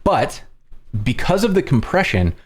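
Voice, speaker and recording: A man hosting a livestream, explaining casually in a loud projected presenter voice with plenty of fillers, close on a compressed studio mic at home. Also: fairly high pitch, sing-song, measured pace, faint music behind. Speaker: livestream host. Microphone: studio dynamic microphone with compression.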